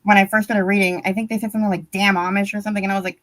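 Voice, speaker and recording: A woman's voice: medium pitch, level tone, rapid-fire, a bit bright. A woman guest on a video-call book chat, talking frankly and conversationally with many fillers, through a laptop microphone. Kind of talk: casual chat. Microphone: laptop mic on a video call.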